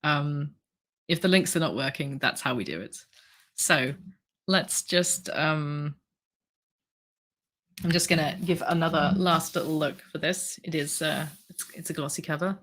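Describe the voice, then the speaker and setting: Low-voiced woman chatting on a livestream. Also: measured pace, pauses often, fairly bright tone. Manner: hesitant, many ums and restarts, reads chat aloud. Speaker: livestream host. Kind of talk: casual livestream chat.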